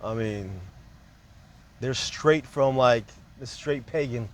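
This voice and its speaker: A man of ordinary mid-range pitch holding forth in a casual, unscripted monologue. He rambles and hops between points, dropping easygoing fillers as he goes. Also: slow pace. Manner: loose and conversational, peppered with "man" and "like".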